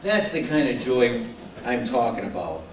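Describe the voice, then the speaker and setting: A middle-aged man giving a casual sermon-style talk to a group, a lively storyteller who laughs along with his own stories. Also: medium pitch, moderate pace. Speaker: speaker addressing a group. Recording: roomy, distant mic, faint room noise.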